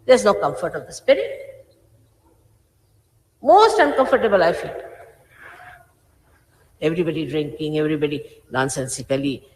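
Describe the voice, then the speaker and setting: A stern woman in her sixties scolds her followers, and her pitch leaps high and drops low as she presses each point. The archive recording carries a long, echoing hall reverb. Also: animated, moderate pace, long pauses, darkish tone. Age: 60s. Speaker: spiritual teacher. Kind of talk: addressing followers.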